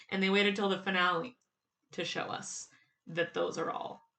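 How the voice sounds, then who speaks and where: A woman giving casual, excited fan commentary on a TV show, laughing often and quoting lines in quick bursts. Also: medium pitch.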